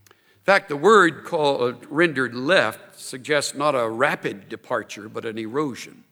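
A man preaching a sermon, emphatic and expressive, building to strong points. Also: mid-range voice, a little slow, long reverb tail.

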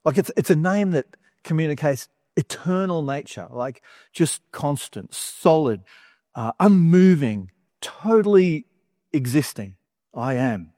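A man's voice: fairly high pitch, expressive, a little slow, mellow, no echo, clean studio sound. A man giving a conversational sermon, chatty and wry, with humorous asides between scripture readings. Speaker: preacher.

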